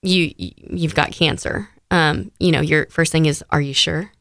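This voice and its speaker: Woman, thirties, bright voice, dry close sound, heartfelt storytelling. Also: low voice, fairly even intonation, a little slow, creaky, no room sound. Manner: heartfelt storytelling, frequent fillers. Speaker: interview guest. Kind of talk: personal story in conversation.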